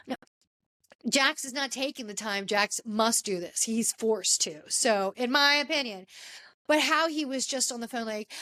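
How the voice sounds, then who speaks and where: A woman's voice: fairly high pitch, lively intonation, moderate pace, sharp tone. A woman hosting a podcast, giving an emphatic, indignant recap in casual chat and calling people out directly. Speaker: podcast host.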